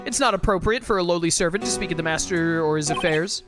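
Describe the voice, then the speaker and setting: A woman's voice: on the low side, fast, voice pushed down, close to an everyday voice. A woman voicing a formal, deferential male butler who speaks stiffly. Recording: game music underneath.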